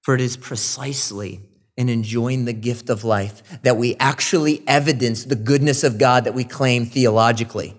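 A man preaching a sermon, animated and rising loud on emphasis, with quoted asides. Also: medium pitch, moderate pace. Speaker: pastor.

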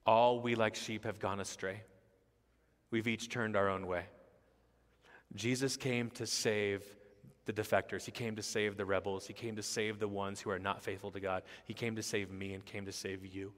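Low-pitched male pastor, emphatic repetitive sermon delivery, long hall reverb. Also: little pitch movement, normal speed.

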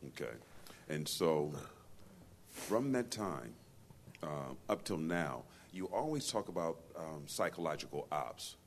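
A man's voice: a bass voice, sing-song, slow, slight background noise. A man from the congregation speaking up from the floor, hesitant and searching for his words. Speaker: church member asking a question. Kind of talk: question from the floor.

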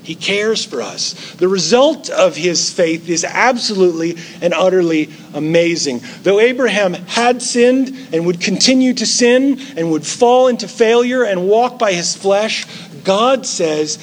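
A man's voice: high-pitched, animated, unhurried, slight background noise. A middle-aged male pastor giving a sermon in a conversational way, with playful asides mixed into the teaching.

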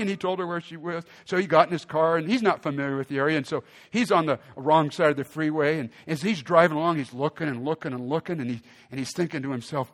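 Animated storytelling male pastor. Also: on the high side, a little fast. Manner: animated, acts out quotes with big swings in loudness. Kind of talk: sermon storytelling.

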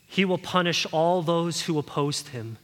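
A man preaching a sermon in a church hall, earnest and pleading, his voice swelling louder at key points. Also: fairly high pitch, measured pace. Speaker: pastor.

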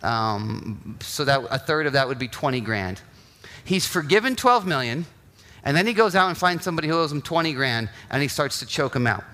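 A male pastor delivering a sermon, telling the story in an animated way, acting out quotes and often checking in with "right?". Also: medium pitch, moderate pace.

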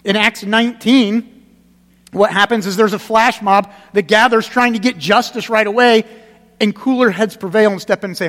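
In a church sanctuary, a man with a fairly high, steady voice gives a sermon at normal speed, his words fading into long hall reverb. He speaks to his flock like a pastor having a chat, drumming in short phrases by repeating them, then dropping low and quiet for the weighty moments.

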